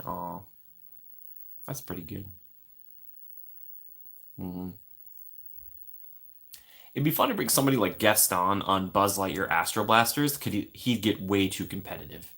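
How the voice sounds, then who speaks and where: Man, very low voice, casual livestream chat, rambling, laughs a lot, at home. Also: moderate pace, vocal fry, pauses often, a bit bright. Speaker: streamer chatting with viewers.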